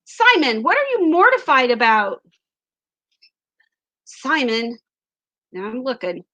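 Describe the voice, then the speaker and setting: Ozarks woman, livestream host; high, bright, unhurried, chatty and giggly. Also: big pitch swings. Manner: chatty, giggly, reads comments aloud. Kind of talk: casual livestream chat.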